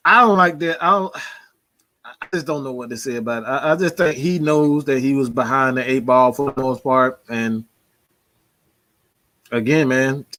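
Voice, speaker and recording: A man's voice: mid-range voice, moderate pace, pauses often, sharp tone, no room sound. A man giving casual, slangy football commentary, talking loosely with frequent laughs. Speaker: sports commentator. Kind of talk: casual sports talk.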